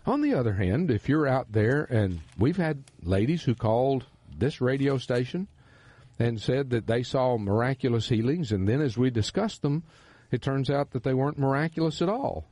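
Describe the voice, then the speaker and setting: A man's voice: mid-range voice, animated, normal speed, warm tone, no echo. A man with a Texan accent, hosting a radio Bible teaching program in an earnest, emphatic preaching manner. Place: radio studio.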